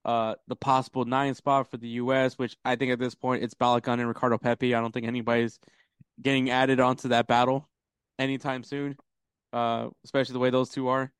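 A man of ordinary pitch talks soccer on a podcast in a loose, rambling way, cursing freely. His voice comes through smooth and resonant. The recording is dry and close. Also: flat delivery, a little fast, dry recording. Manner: rambling, swears, laughs often. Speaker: podcast co-host. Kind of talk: casual soccer chat.

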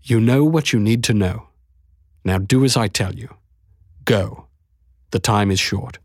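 A serene exiled queen speaks in slow, measured words of quiet wisdom, as a man reads her lines. The voice sits low and a little husky, recorded close and dry like a storybook audiobook. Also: dry recording. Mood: calm regal. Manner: slow, measured, gentle delivery. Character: exiled woman queen, calm, regal and wise.

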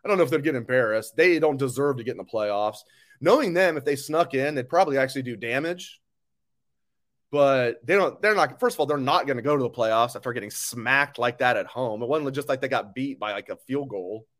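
A man's voice: medium pitch, fairly quick, a bit bright. A man hosting a live sports talk stream, ranting angrily and bluntly, with swearing, as he reads viewer comments. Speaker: sports show host.

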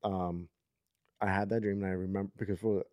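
Low-voiced rambling male storyteller. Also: a little fast, clean tone, dry recording, clean studio sound. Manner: rambling, animated storyteller with many fillers. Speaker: podcast host. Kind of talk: casual storytelling chat.

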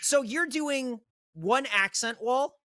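A man's voice: extremely high pitch, slow pace, sharp tone. A man in casual podcast chat, teasing his friends with sarcastic, mock-outraged remarks. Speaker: podcast guest.

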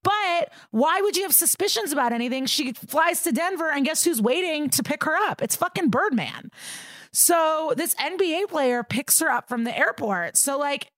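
A woman's voice: sits high, expressive, moderate pace, a bit bright, no room sound, studio quality. A woman co-hosting a podcast, retelling a true-crime case in a casual, profane way with laughs, acting out the people she quotes. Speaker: podcast co-host.

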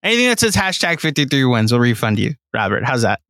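A man co-hosting a podcast in playful, teasing banter. His voice is bright and forceful, and his pitch moves a lot. The sound is dry and close. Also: very animated, quick pace, no echo. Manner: teasing, joking. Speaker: podcast co-host.

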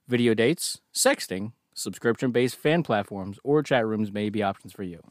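A man's voice: on the low side, lively intonation, moderate pace, no room sound, clean studio sound. A man co-hosting a podcast, joking and laughing as he reads notes aloud in casual banter. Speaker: podcast co-host.

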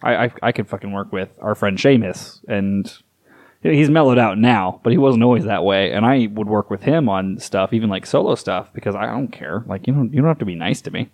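A man's voice: lowish voice, fairly quick, a little mellow, no room sound. A man from the southwestern United States chatting casually as a podcast co-host, rambling with many restarts and frequent swearing. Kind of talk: casual chat.

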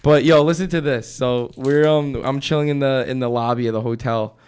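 A man's voice: mid-range voice, steady tone, fairly quick, a little mellow, smooth. A man hosting a podcast, telling stories in casual chat, acting out quotes and laughing often. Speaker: podcast host.

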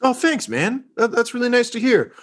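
A man's voice: very high voice, big pitch swings, moderate pace, fairly bright tone, voice pushed up, exaggerated voice. A man voicing a self-pitying male propaganda reporter who stammers and wants praise. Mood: grateful.

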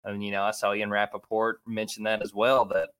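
A sports podcast host with a lowish, monotone but fairly bright and clean voice runs a casual talk show. He speaks loosely and conversationally with frequent fillers and restarts, rattling off names quickly.

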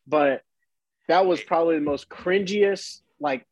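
Young male ballplayer guest, husky and a bit high-pitched, lively storyteller with a dry sound. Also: measured pace, no room sound. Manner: animated, acts out voices in his story, laughs often. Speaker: baseball player guest. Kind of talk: casual storytelling.

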